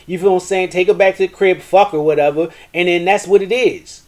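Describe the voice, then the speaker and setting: A man's voice: sits high, steady tone, brisk. A man hosting a live show from a porch, giving blunt, profane relationship commentary. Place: porch, outdoors.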